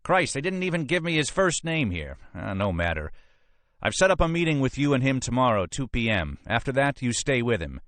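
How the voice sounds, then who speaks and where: Man voicing a gruff police captain, high and loud, pushy, lively ups and downs, audiobook. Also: fairly quick, no room sound. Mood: bossy. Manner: gruff, pushy, rhetorical questions. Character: blustering male police captain, bossy and suspicious.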